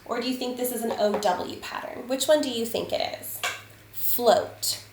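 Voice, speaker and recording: A woman teaching a spelling lesson to children, patient and deliberate, sounding out letters and counting aloud. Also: a little high, a little mellow. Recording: echoey room, faint ambient noise.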